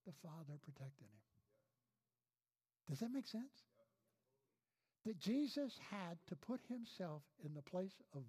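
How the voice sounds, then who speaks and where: A male pastor preaching a sermon in a noticeably high voice. He drives points home by repeating phrases and weaves in personal stories. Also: warm tone. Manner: emphatic preaching with repeated phrases and storytelling asides.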